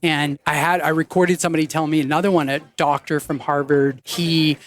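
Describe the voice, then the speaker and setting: A man's voice: fairly high pitch, fairly even intonation, a little fast. A man as a podcast guest, telling casual anecdotes and acting out the people he quotes. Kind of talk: casual storytelling in conversation.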